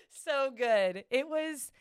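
A woman's voice: fairly high pitch, vocal fry, clear, resonant tone, no echo, studio quality. A woman telling a travel story in casual chat, giggling and acting out quotes. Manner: animated, giggly, acts out quotes.

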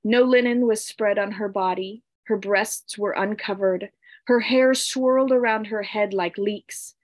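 Woman storyteller, very slow, solemn, dry close sound. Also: medium pitch, fairly even intonation, dry recording. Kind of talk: storytelling narration of a myth.

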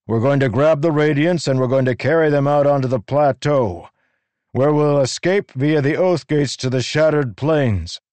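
A man reading an audiobook, voicing a male soldier who barks forceful commands. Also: a little high, moderate pace, dry recording, pitched above the performer's own voice, close to an everyday voice. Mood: urgent.

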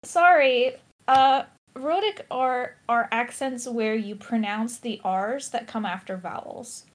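A woman's voice: a little high, takes it slowly. An American woman in casual discussion, analytical and thinking aloud with restarts and fillers. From United States. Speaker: podcast co-host.

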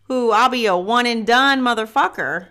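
A woman's voice: fairly high pitch, moderate pace, bright, forceful tone. A woman co-hosting a casual chat, brash and playful, swearing freely. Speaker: podcast co-host.

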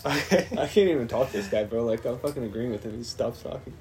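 A man's voice: mid-range voice, quick pace, dark tone, a little hiss or hum. A man co-hosting a podcast, arguing in a heated casual chat, often interrupting, swearing and laughing. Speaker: podcast co-host.

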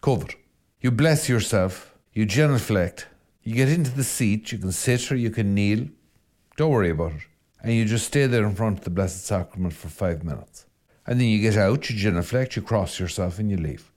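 A middle-aged Irish priest talking on a podcast in a conversational, teasing, exhorting way. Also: male voice, lowish voice, animated, moderate pace, darkish tone. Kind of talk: podcast talk.

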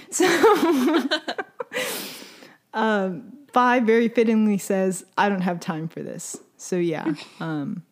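A young woman co-hosting a casual chat, recapping a series with lively storytelling and acted-out quotes. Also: on the low side. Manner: animated storytelling with laughs and quoted voices. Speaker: podcast co-host recapping a series.

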